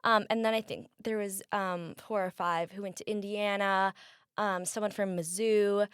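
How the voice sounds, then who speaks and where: A woman's voice: medium pitch, steady tone, normal speed, a bit bright, smooth, dry recording, studio quality. A young woman from the American Midwest, chatting casually as an interview guest, with lots of fillers and laughter.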